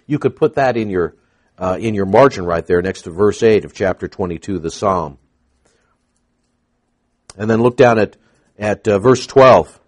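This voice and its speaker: An animated male preacher working through scripture verse by verse. His pitch swings widely as he acts out the dialogue, and he fills the gaps with frequent fillers. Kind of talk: expository sermon.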